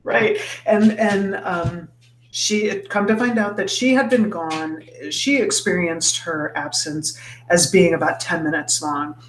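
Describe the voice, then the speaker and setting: A woman's voice: lowish voice, fairly even intonation, unhurried. A woman co-hosting a casual podcast, retelling a book's plot with lots of fillers and restarts. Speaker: podcast co-host. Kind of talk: casual book-club chat. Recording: roomy echo, faint background noise.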